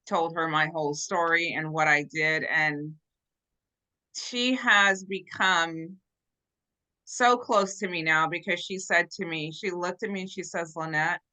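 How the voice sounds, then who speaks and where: A woman guest telling her story in an animated, earnest way over a video call. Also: fairly low pitch, unhurried, poor audio. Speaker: interview guest. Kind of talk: casual storytelling.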